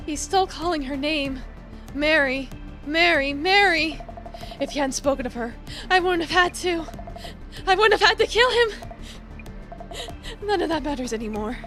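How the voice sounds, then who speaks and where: A woman's voice: sits high, a bit bright. A woman reading as a deranged female killer.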